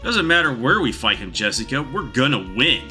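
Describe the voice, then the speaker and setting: A brash young swordsman full of swagger, sure he can beat anyone, read out by a man. The voice is bright and lively, bouncing around in pitch. Faint music sits underneath. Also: moderate pace. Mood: boastful. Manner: boastful, brash. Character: cocky young male swordsman, brash and boastful.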